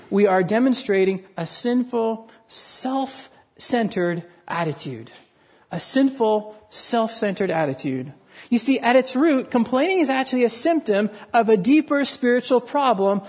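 A man's voice: high-pitched, slightly rough. A man preaching a sermon in an earnest way, often repeating words for emphasis. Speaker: pastor.

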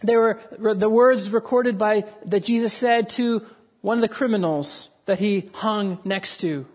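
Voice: mid-range voice, measured pace, a little mellow. Earnest preacher delivering an evening sermon. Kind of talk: sermon to a congregation.

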